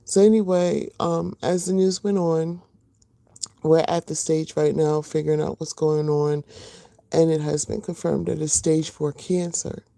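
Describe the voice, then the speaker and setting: A middle-aged woman talks casually to her livestream viewers, greeting them and filling pauses with ums. Her voice is low-toned, gravelly and rough from sleep. The sound is dry and close, with no room around it. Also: fairly even intonation, no room sound. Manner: chatty, warm greetings to viewers, many fillers. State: just woke up, voice rough. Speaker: livestream host.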